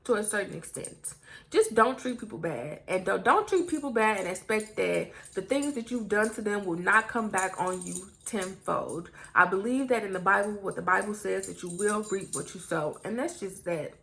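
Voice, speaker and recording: A young American woman vlogging in a casual Q&A. Her voice has a gravelly, creaky edge. She talks bluntly and candidly, swearing freely as she goes. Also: medium pitch, lively intonation, moderate pace, fairly bright tone. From United States. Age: young adult. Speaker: YouTuber. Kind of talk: casual get-to-know-me Q&A.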